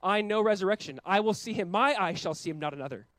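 A man in his thirties preaching a sermon as a pastor, earnest, with loud emphatic peaks and quiet, slowed passages. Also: high voice, animated, no room sound, rough recording.

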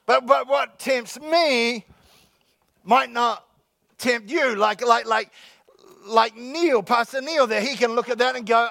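High-voiced jokey male pastor. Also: vocal fry, a bit bright, no echo. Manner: jokey, repeats key lines slowly, calls out "come on, somebody". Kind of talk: sermon. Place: church sanctuary with congregation.

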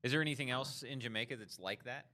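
A man's voice: mid-range voice, fast talker, sharp tone. A man co-hosting a podcast in casual chat, laughing along and chiming in with short reactions. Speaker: podcast co-host.

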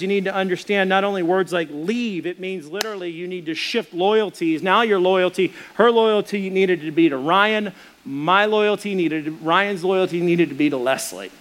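A man with a fairly high voice preaches, weaving a personal story into his sermon. He tells it in an animated way and pokes fun at himself. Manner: animated, self-deprecating storyteller. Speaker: pastor.

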